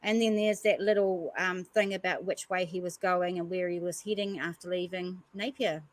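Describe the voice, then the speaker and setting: A woman's voice: lowish voice, fairly even intonation, moderate pace, rough recording. Earnest New woman reading news. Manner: earnest, stops often to comment between passages. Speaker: podcast host. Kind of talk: reading news articles aloud with commentary.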